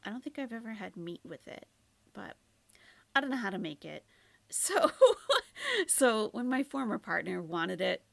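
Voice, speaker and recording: A woman's voice: mid-range voice, very animated, a little slow, creaky, a bit bright, dry recording. A woman doing casual live-stream commentary, chatty and trailing off, sometimes dropping to near-whispers. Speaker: commentary streamer reacting to a video.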